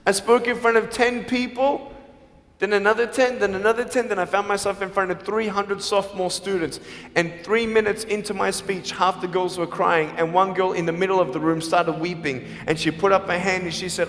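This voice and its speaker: Guy with a high voice doing a motivational talk in a big hall, loud then soft, lots of reverb. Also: steady tone, brisk. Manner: emphatic, swings from soft to shouting. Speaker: motivational speaker. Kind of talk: motivational speech to students. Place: large hall on stage. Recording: long hall reverb, faint music.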